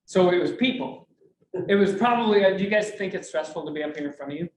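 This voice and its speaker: His voice is high and darkish, quick and expressive this time. Speaking to a business group in a meeting room, he keeps the motivational talk jokey and full of audience questions, while the distant mic picks up room echo and a faint hum.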